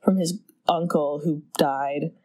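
A woman's voice: sits low, rough recording. Chatty woman recapping a movie. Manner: animated retelling of scenes with quick put-on character voices. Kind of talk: casual movie chat.

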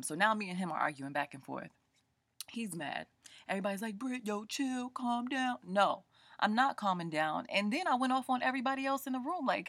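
A woman speaking tells a story in a casual, animated rant, and she acts out the people in it. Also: lowish voice, no room sound. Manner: animated, colloquial, quoting people in voices. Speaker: book vlogger.

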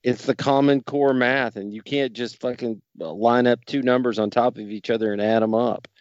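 A man's voice: mid-range voice, steady tone, moderate pace, a little mellow, dry recording, muffled recording. A middle-aged man co-hosting a podcast, teasing his partners bluntly and swearing freely. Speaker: podcast co-host. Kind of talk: casual banter reviewing wrestling.

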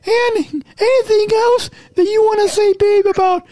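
A man putting on a squeaky high-pitched joke voice to tease his co-host, playful and repetitive. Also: fairly even intonation, moderate pace, darkish tone, dry recording. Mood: teasing.

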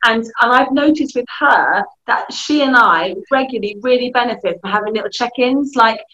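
A British woman talks with a bright, fairly high voice, animated and quick to laugh as she gives advice. Her audio sounds muffled and lo-fi, as if over a remote call. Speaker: youth work guest. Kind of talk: lively advice in conversation.

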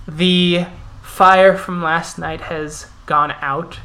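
A man's voice: fairly high pitch, fairly even intonation, drawn-out words, bright, forceful tone. A man narrating a tabletop role-playing game as game master.

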